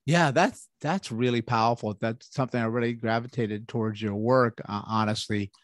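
A man's voice: medium pitch, steady tone, normal speed, no room sound. A man hosts an interview podcast, speaking reflectively with small hesitations and restarts. His voice sits in a middle range and comes across dry and close. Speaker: podcast host. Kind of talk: casual interview chat.

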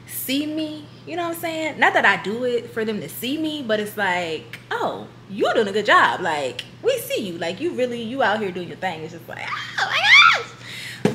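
A young woman chatting casually on her vlog, excitable and giggly, repeating herself as she talks. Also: mid-range voice, slight background noise. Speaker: beauty vlogger.

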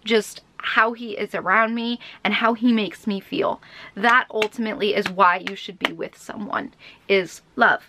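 A woman's voice: medium pitch, fairly even intonation, a little slow, noisy background. A young woman vlogger telling a personal story to camera in a rambling, emotional, heartfelt way.

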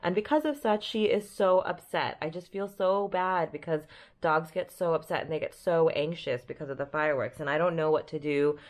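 A woman's voice: low-pitched, normal speed. A young woman vlogging at home, chatting to the camera in an upbeat, rambling way. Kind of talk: casual vlog chat to camera. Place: at home in an apartment.

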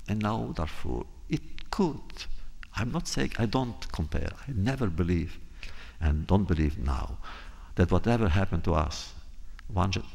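A man giving a public talk, unhurried, telling a true story and acting out quoted dialogue, often repeating phrases for emphasis. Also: low-pitched, creaky, a little mellow, slightly rough. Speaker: guest speaker.

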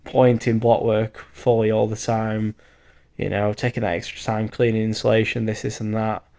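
A tired tradesman in his thirties talks through his work in a loose, rambling voiceover, with plenty of fillers and the odd swear. His voice sits low and has a gravelly edge. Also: level tone, normal speed, warm tone. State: tired from lack of sleep. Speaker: bricklayer vlogger. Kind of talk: casual voiceover commentary.

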